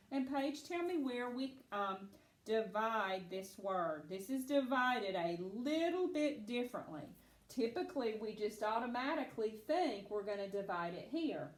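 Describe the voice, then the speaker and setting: A woman's voice: fairly high pitch, roomy sound. A woman teaching a phonics lesson to children, patiently and encouragingly. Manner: slow, patient, encouraging, answers for absent pupils.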